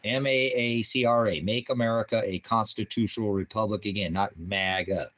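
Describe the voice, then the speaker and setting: A man's voice: fairly low pitch, steady tone, normal speed, a bit bright. A man hosting a casual livestream, rambling and preachy and often cursing, now and then cooing at his dog. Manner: baby talk to his dog. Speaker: YouTube channel host.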